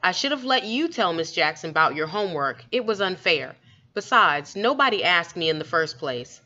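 A woman's voice: fairly low pitch, big pitch swings, normal speed, sharp tone. A woman voicing an earnest young girl who speaks plainly and folksy, pleading to be understood. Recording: dull lo-fi recording.

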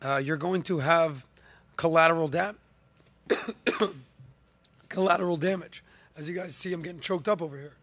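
A man hosts a podcast, pressing his points with rhetorical questions and repeated lists. His voice sits on the higher side and sounds dry and close, with little room echo. He coughs and clears his throat now and then. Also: fairly quick, a bit bright. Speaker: podcast host. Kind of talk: opinion commentary, talking to camera and co-host.

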